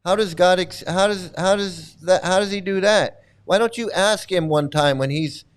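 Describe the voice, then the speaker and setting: A man's voice: sits high, normal speed, clean tone. A man hosting a commentary video, ranting angrily and sarcastically at his viewers, often repeating himself and stumbling over restarts. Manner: angry, sarcastic, mocking; repetitive, stammering restarts.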